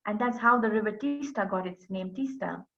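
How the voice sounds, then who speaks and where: A woman's voice: mid-range voice, fairly quick, gravelly, a bit bright, dull audio. A woman from Darjeeling, animatedly telling a folk tale online and speaking directly to her listeners. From Darjeeling, India. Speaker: storyteller.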